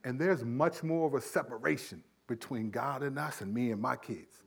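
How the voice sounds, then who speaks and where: A middle-aged male pastor preaching a sermon, animated, acting out everyday dialogue as he teaches. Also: mid-range voice, moderate pace, vocal fry, slightly rough.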